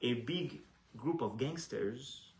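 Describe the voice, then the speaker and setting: A man, a rabbi teaching a class, who tells a story in an animated, repetitive way with frequent restarts. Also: mid-range voice, takes it slowly. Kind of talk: storytelling lesson. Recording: echoey room.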